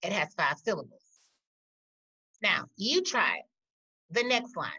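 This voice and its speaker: Teacher, woman, slow deliberate classroom delivery, lively pitch, muffled recording. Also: breathy edge. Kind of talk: recorded poetry lesson. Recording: dull lo-fi audio.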